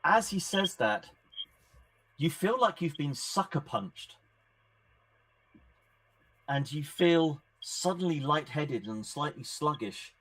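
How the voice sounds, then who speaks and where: A man running a horror tabletop game as game master, narrating scenes in a measured, descriptive way with pauses. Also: a little high, animated, fairly bright tone.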